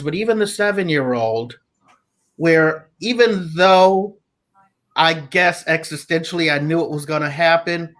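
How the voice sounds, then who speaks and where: A man talking as a guest father, reflective and halting, with frequent restarts. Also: on the high side, fairly bright tone. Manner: slow, thoughtful, halting with restarts. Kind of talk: reflective casual talk.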